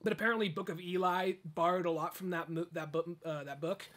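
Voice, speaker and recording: A young man co-hosting a podcast, halting and self-correcting, mumbling asides and throwing in crude jokes. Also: high voice, fairly even intonation, fairly bright tone. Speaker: podcast co-host. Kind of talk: casual chat.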